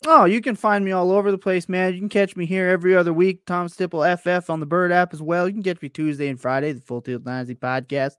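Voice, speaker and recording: Man, podcast guest, fairly high voice, dry close sound, animated, stumbling restarts. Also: fast talker, hardly any pauses, clear, resonant tone, no echo. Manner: animated, self-deprecating, stumbles over words. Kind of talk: casual chat.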